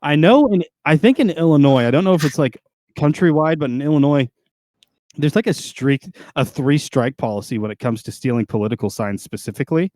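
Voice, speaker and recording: A man's voice: a little high, expressive, fairly quick, a little mellow, no room sound. Joking young man podcast co-host. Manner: joking, rambling, laughs often. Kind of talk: casual chat.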